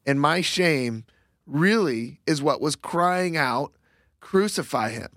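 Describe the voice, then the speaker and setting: A man in a casual faith discussion works slowly through his thoughts, pausing and restarting often. His voice sits a little high. The sound is dry and close, with no room around it. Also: a bit bright, no echo. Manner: reflective, halting, many fillers and restarts. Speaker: Bible discussion co-host.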